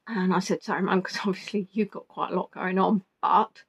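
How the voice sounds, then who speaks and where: A woman's voice: on the low side, fairly even intonation, a little fast, breathy edge. A woman vlogger telling a story casually and emotionally, rambling and flustered, quoting what others said. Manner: rambling, flustered retelling with quoted dialogue.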